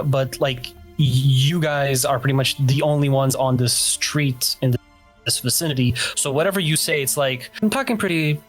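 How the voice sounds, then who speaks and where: Laid-back game master, rambling, with soft music under it. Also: male voice, medium pitch. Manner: casual, rambling with fillers. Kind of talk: narrating a tabletop game.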